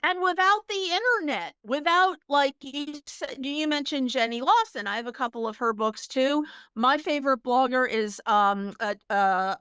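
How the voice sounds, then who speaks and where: A podcast co-host with a high, fairly bright, smooth voice chats casually, telling stories with laughs and many restarts and fillers. The recording is dry and studio quality.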